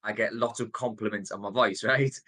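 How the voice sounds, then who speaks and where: A Geordie man in his thirties coaching on sales, his voice sitting a touch low. He leans on key words, drops in deliberate pauses, and speeds up or slows down to land a point. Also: steady tone, sharp tone. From North East England. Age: 30s. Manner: varies tone and pace, deliberate pauses, emphatic. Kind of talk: motivational coaching talk.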